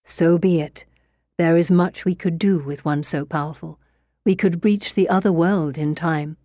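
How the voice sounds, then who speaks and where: Woman voicing a cold bargaining creature from another realm, low mellow voice, storybook. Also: steady tone, measured pace, no echo, clean studio sound, close to an everyday voice. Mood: menacing. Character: menacing otherworldly creature demanding payment.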